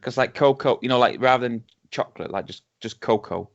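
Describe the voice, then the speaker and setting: A man's voice: mid-range voice, a little fast, vocal fry. A man from England co-hosting a casual whisky-tasting podcast, rambling with many restarts and ums. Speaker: podcast co-host. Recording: dull lo-fi home podcast recording.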